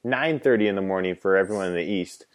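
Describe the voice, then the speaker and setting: A man's voice: sits low, fast talker. A man co-hosting a sports podcast, giving opinionated picks and ranting in a casual chat.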